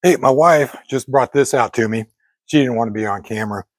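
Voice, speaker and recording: This older fitness vlogger grills outside and talks casually to the camera, his mid-range voice captured without echo. He wanders from point to point, often pausing and correcting himself.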